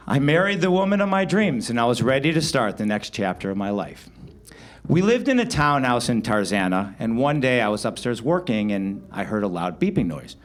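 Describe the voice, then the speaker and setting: A man telling a comic true story live on stage, wry and animated, with sudden loud outbursts. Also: mid-range voice. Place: live show venue.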